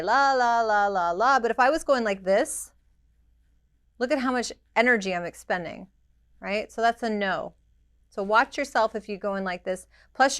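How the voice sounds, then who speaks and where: A woman's voice: mid-range voice, a bit bright, clean tone, dry recording, clean studio sound. A woman teaching a hands-on permanent makeup lesson, practical and direct, imitating the machine's rhythm with little sounds. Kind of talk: hands-on demonstration.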